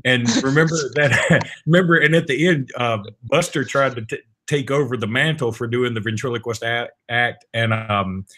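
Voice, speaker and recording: A man's voice: mid-range voice, moderate pace, hardly any pauses, slight background noise. A man co-hosting a podcast, rambling and laughing as he tells stories. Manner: animated, laughing, rambling storyteller. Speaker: podcast co-host. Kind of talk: casual chat.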